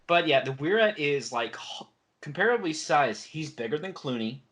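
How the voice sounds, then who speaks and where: Speaking at a moderate pace with a fairly high-pitched voice, this podcast co-host runs through episode recaps in relaxed conversation. He gets animated, voicing the characters' lines along the way.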